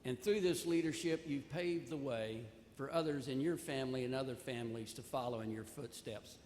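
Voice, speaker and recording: A man's voice: mid-range voice, moderate pace, a little mellow, a little hiss or hum. An older man giving a commencement speech, telling a folksy personal story and offering earnest advice. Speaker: commencement speaker. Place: large ceremony hall. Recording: echoey hall, long reverb, faint ambience.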